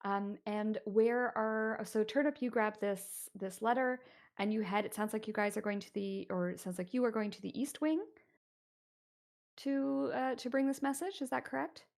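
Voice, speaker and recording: A woman's voice: fairly high pitch, normal speed, creaky, darkish tone. Hesitant woman game master. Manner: hesitant, with many fillers. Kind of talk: narrating a tabletop game.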